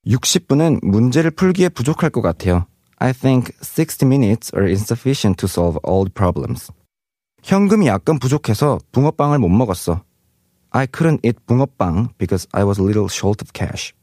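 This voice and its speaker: A man's voice: mid-range voice, big pitch swings, rapid-fire, warm tone, no room sound, clean studio sound. A man teaching Korean vocabulary in English. He reads example sentences aloud and translates each one. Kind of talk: explaining vocabulary.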